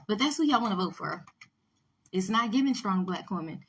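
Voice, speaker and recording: Brief: woman vlogger, forceful, emphatic, repeats points, slightly husky. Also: mid-range voice, lively intonation, moderate pace. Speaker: video commentator. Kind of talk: opinion vlog rant.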